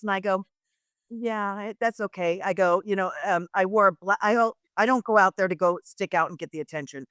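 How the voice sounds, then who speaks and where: A woman's voice: mid-range voice, brisk, a bit bright, smooth, no echo, clean studio sound. A middle-aged woman, a retired wrestler and guest on a podcast, chatting casually and telling rambling stories full of quoted voices. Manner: rambling storyteller who acts out quoted voices. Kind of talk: casual chat.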